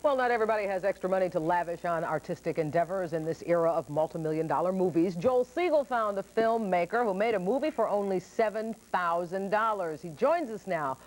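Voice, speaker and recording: A woman news anchor reading the evening news in a crisp, measured way. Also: fairly low pitch, a little mellow, faint music behind.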